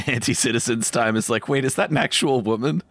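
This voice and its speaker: A man's voice: medium pitch, fairly quick, a bit bright, no room sound, studio quality. A man co-hosting a casual prank-call podcast, joking and rambling. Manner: joking, rambling, puts on silly voices. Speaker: podcast co-host.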